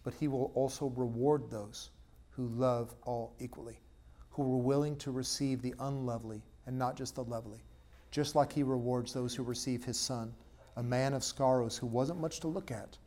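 A man preaching a sermon as pastor, swinging between loud punchy stresses and low, quiet asides. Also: fairly even intonation, moderate pace.

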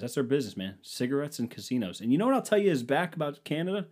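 A man's voice: medium pitch, big pitch swings, rapid-fire, few pauses, a little mellow. A young man from the United States telling a rambling, profane, jokey story as a casual podcast host, acting out the exchanges.

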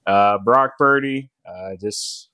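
A man's voice: lowish voice, slow, pushed and bright, no room sound. A man co-hosting a casual sports podcast, telling stories with loose slang and frequent laughter. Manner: laughing storyteller, loose slangy banter, playful. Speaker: podcast co-host.

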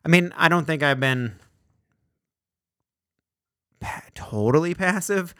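A man co-hosting a podcast, talking casually with many restarts and pauses. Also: fairly high pitch, expressive, fairly bright tone, clear, resonant tone, no room sound, studio quality. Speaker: podcast co-host. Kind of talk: casual political chat.

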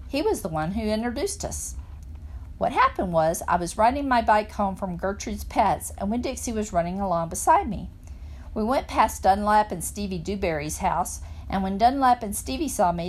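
A woman reading a children's novel aloud in a plain, steady narrating voice. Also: medium pitch. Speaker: reader.

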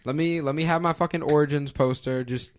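A man's voice: on the high side, steady tone, brisk, a loud crowd. A young man co-hosting a podcast. He talks in loose, hyped slang, swearing freely through casual chat with friends. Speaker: podcast co-host.

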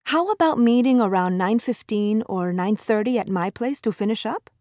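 A woman's voice: medium pitch, expressive, moderate pace, a little mellow, dry recording, studio quality. A woman speaking in a scripted lesson dialogue, upbeat and making suggestions.

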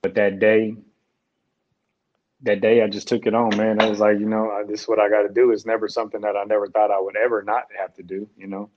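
A young man, a guest, telling an emotional personal story in a halting, reflective way with restarts. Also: on the low side, little pitch movement, background noise. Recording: dull lo-fi sound.

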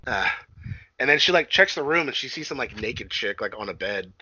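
A man's voice: mid-range voice, animated, brisk, bright, forceful tone, muffled recording, slight background noise. A man casually recapping a film on a podcast, rambling and swearing, often acting out quotes and laughing. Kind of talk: casual chat.

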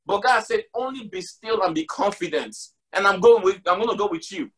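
High-voiced man preaching emphatically. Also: animated, fairly quick, fairly bright tone, slightly rough. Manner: emphatic, repeats lines for stress; casual slang mixed with scripture. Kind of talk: sermon.

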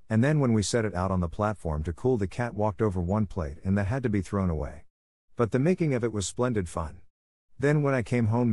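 A man's voice: sits low, darkish tone, no room sound, clean studio sound. A man voicing an eager, chatty, imaginative young girl who gushes and pleads breathlessly. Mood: gushing.

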